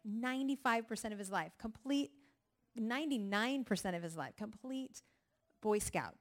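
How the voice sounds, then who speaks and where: A middle-aged woman giving a personal testimony talk at a ministry gathering, telling her story with animated, acted-out voices. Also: mid-range voice.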